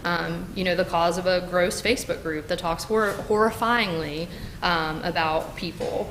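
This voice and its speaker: Woman, public commenter, lowish voice, heated, filler-heavy, faint room noise. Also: steady tone, moderate pace. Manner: heated, many fillers and restarts, addresses council directly. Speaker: public commenter at a city council meeting. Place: council chamber.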